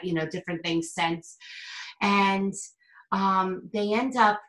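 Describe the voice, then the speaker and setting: A woman with a medium-pitched, fairly bright voice appears as a guest on an interview show; she is a psychic medium and teacher. She tells a story casually, acting out the quotes, with plenty of fillers and restarts, and the recording has a roomy echo.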